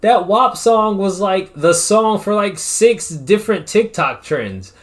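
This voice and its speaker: A man co-hosting a podcast, ranting in a profane, animated casual chat. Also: high-pitched, slow. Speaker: podcast co-host.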